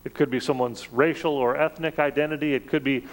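A man preaching a sermon in a measured, conversational way, with emphatic rises on key words. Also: mid-range voice, fairly even intonation, long reverb tail, rough recording.

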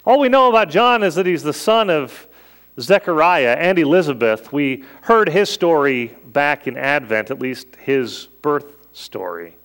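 A man delivers a sermon from the pulpit, his voice sitting high and swooping up and down. He takes his time, speaking in an easy, conversational way and posing questions to his listeners. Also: expressive, a little slow, fairly bright tone, clear, resonant tone. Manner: conversational preaching with rhetorical questions. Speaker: pastor.

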